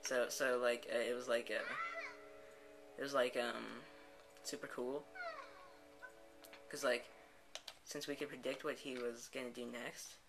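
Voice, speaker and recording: A man's voice: medium pitch, level tone, measured pace, long pauses, low-quality recording. A man, the host of a gameplay channel, improvising a rambling story full of "and then, like" restarts. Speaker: let's play host. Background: background music.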